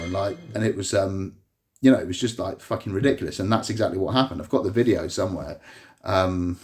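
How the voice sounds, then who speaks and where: The man's deep, slightly mellow voice moves a little fast, with slight background noise behind it. He's a vlogger in a hospital room, rambling to a phone on a tripod about a personal grievance, with plenty of fillers and restarts.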